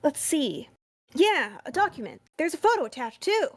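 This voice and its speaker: A woman's voice: high voice, sing-song, moderate pace. A woman voicing an eager young female sidekick investigator in a fan game dub.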